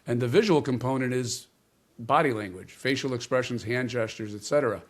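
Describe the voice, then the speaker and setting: Measured man explaining with emphasis. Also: mid-range voice. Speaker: guest, communication coach. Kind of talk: interview conversation.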